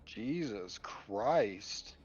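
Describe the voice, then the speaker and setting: A man playing a tabletop game, talking loosely with hesitant pauses, laughs and the odd curse. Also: fairly low pitch, animated. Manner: loose and laid-back, hesitant "uh"s, laughing and swearing. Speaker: player. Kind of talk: casual chat at a game table. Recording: dull, lo-fi stream audio.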